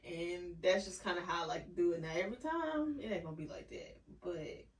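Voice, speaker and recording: A woman co-hosting a podcast, speaking in a reflective, measured casual chat. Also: on the low side, big pitch swings, recorded from a distance. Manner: reflective, measured, acts out quoted speech. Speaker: podcast co-host. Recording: roomy sound from off-mic.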